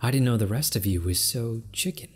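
A man's voice: medium pitch, a little fast, breathy edge, faint music behind, lightly acted. A man doing a teasing female kirin. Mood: sultry. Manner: teasing, sultry.

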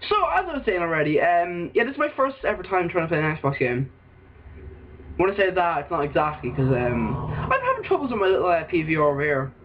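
An Irish man rambling through let's play commentary, excitable and swearing, with sudden outbursts. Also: fairly high pitch, a little fast, a little hiss or hum. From Ireland. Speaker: gaming video host. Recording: dull lo-fi recording.

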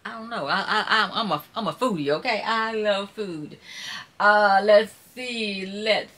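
A talkative YouTuber from Mississippi addresses her live-stream viewers a little slowly in a mid-range voice, bright and forceful, with a Southern accent. Casual and rambling, she's warm and folksy, calling them "y'all" and "child."

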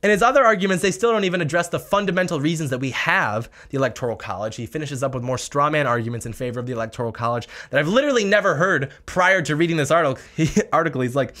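A man's voice: a little high, animated, fast talker, few pauses, fairly bright tone. A man hosting a political opinion vlog, talking in a sarcastic, mocking manner. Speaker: political commentary host.

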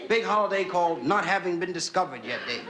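A man telling a comic story as a stand-up comedian, animated and playful. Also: sits high, quick pace, crowd noise, background noise. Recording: live TV audience, loud laughter.

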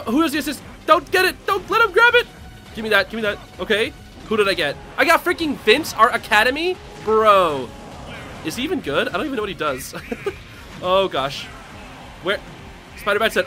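Brief: young male gaming host, high lively voice, bright tone, faint game music under him. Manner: excitable, laughing, loud outbursts. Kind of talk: casual live game commentary.

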